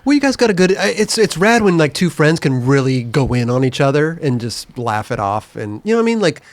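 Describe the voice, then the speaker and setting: A man's voice: on the high side, sing-song, brisk. A man hosting a podcast, upbeat, with short encouraging interjections. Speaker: podcast host. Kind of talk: casual interview chat.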